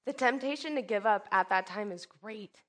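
A woman preaching a sermon, expressive, swinging from loud emphatic lines to soft hushed ones and acting out quoted speech. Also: mid-range voice, moderate pace. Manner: acts out quoted speech with sudden bursts.

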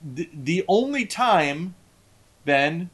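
Middle aged podcast guy, kinda high voice, rambles, lots of uh's. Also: expressive, a bit bright, slightly rough. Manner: rambling, halting with many fillers. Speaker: podcast co-host. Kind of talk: casual podcast chat.

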